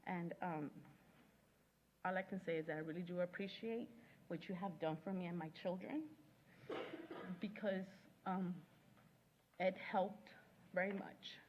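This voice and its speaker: A woman speaking as a parent at a school board meeting, emotional and halting, with many pauses and restarts, into a podium microphone. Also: lowish voice, slight background noise. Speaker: parent giving public comment. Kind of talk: prepared public comment at a meeting. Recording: muffled lo-fi meeting audio.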